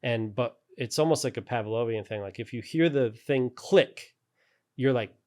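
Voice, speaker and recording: A man's voice: mid-range voice, normal speed, darkish tone. A man telling stories in a casual interview, rambling and laughing often. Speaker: character animator guest.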